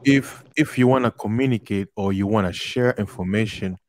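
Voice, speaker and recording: A man giving advice in a casual group voice chat, speaking slowly and deliberately in a coaching tone. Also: on the low side, dry recording.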